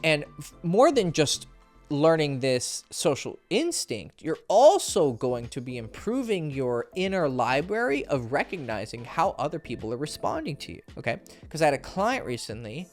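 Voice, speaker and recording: A man coaching on dating, speaking straight to the camera with a very lively voice that leaps up for emphasis. He is blunt and swears freely, tossing in "right?" and "okay?" over faint music. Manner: blunt and profane, keeps checking in with "right?" and "okay?"; animated, jumps up in pitch for emphasis. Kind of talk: direct-to-camera advice monologue.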